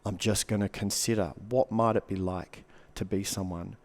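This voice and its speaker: A man's voice: lowish voice, fairly even intonation, normal speed, a little mellow. A man, a coach and speaker, talking casually on a podcast. He swears freely and acts out the reactions he describes.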